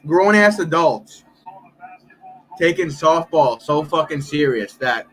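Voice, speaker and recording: A man in his thirties, chatting casually on a live stream, telling a story with lots of swearing and quick impressions of other people. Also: fairly high pitch, poor audio. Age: 30s. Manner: profane, animated storytelling, mimics others.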